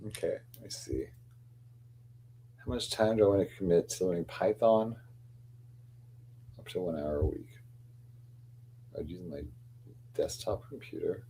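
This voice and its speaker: A man's voice: low voice, measured pace, pauses often, warm tone, a little hiss or hum. A man hosting a stream, chatting casually in a rambling, apologetic way. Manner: rambling, apologetic, keeps saying sorry. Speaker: stream host. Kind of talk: casual chat.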